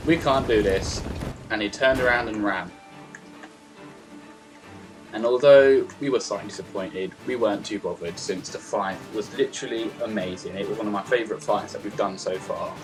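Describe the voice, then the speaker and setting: A young man giving casual gameplay commentary as host, chatty and excitable, acting out reactions on a home computer mic. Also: fairly low pitch. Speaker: gaming video host. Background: game music.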